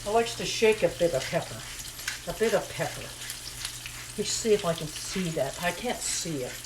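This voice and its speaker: In her home kitchen, a cooking vlogger talks casually to camera at a normal speed, her expressive voice slightly low and a little hushed. She repeats her lines and mutters to herself as a frying pan sizzles clearly beneath the background noise.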